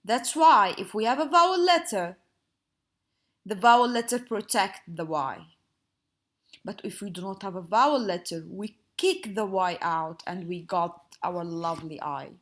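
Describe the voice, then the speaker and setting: A woman teacher giving a slow, patient grammar lesson to young pupils in a sing-song explaining manner. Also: mid-range voice, animated.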